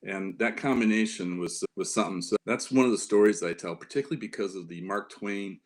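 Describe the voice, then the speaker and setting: Low-voiced middle-aged man telling rambling anecdotes. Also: fairly quick. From Upstate New York, near Lake Ontario. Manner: rambling anecdotes with many fillers and restarts. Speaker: interview guest, former White House staffer. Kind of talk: casual storytelling interview.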